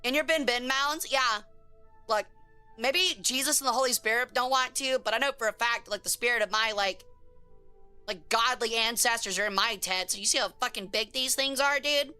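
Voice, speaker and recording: A woman's voice: on the high side, moderate pace, sharp tone, clear, resonant tone. A woman streamer chatting casually on a live stream, slangy and joking as she reacts to chat, with faint music behind her.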